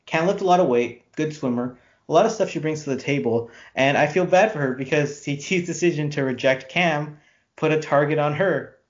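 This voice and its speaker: A man's voice: a little high, a little fast. A man co-hosting a casual recap chat, talkative and laughing often. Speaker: podcast co-host. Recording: dull lo-fi sound.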